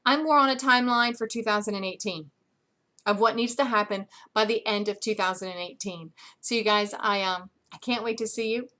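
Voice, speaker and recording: A woman's voice: mid-range voice, fairly quick, bright, forceful tone. A woman talking to her sales team in an upbeat, chatty, encouraging way from bed, with plenty of ums. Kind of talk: casual direct-to-camera update. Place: in bed at home.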